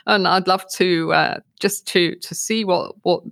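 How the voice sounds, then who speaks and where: A woman's voice: fairly low pitch, fairly even intonation, measured pace, creaky, a bit bright, no echo, clean studio sound. A woman hosting a podcast interview who reflects on her guest's story and shares her own experience. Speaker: host.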